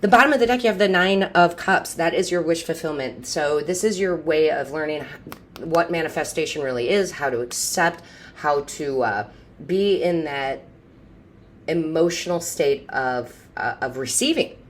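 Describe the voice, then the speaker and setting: Casting: low-pitched woman, tarot reader, chatty and upbeat, talking straight to viewers, big swings in pitch. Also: moderate pace, slight background noise. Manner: lively swings in pitch and loudness. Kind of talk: intuitive tarot reading to camera.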